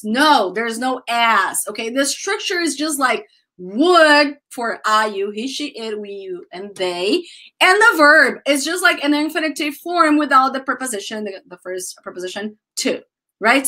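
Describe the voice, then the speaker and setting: Casting: bright-voiced woman, Brazilian accent, enthusiastic online English teacher, calls students guys. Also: sits high, lively intonation, a little slow. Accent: Brazilian Portuguese. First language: Portuguese. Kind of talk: online grammar lesson.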